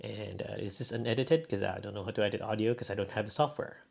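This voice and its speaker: A man's voice: fairly low pitch, quick pace, gravelly, a little mellow. A man with a Filipino Bisaya accent, rambling casually as he tests microphones in a room for a vlog. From Philippines. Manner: rambling, unscripted, lots of fillers. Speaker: vlogger. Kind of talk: casual gear-testing vlog. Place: indoor room. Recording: echoey room, mic changes.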